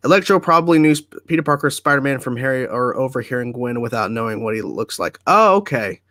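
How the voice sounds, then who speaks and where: Relaxed, chatty man hosting a livestream. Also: medium pitch, fast talker, no room sound, studio quality. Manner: relaxed, chatty, reads viewer comments aloud and answers them. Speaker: livestream host. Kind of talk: casual livestream chat answering viewer comments. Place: at home.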